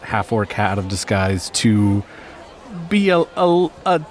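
A man playing a tabletop game, thinking aloud in a halting way. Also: lowish voice, sing-song. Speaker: player. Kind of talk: casual game-table chat.

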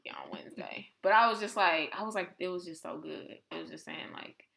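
A woman's voice: lowish voice, a little fast, vocal fry, a crowd in the background. A woman co-hosting a podcast, chatting casually about faith and acting out quotes with lots of energy. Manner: animated, conversational, acts out quotes. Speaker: podcast co-host.

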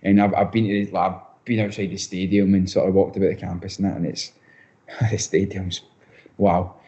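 A man's voice: sits low, little pitch movement, moderate pace, mellow, highs cut off. A young Scottish man, a footballer being interviewed, chatting casually with lots of restarts and repeated words. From Scotland. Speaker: footballer guest.

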